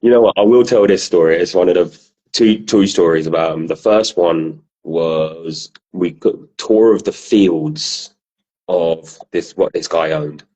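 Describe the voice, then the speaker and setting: A man's voice: sits low, measured pace, warm tone, low-quality recording. A man from southern England chatting casually as a podcast co-host, telling laughing stories and swearing freely. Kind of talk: casual chat.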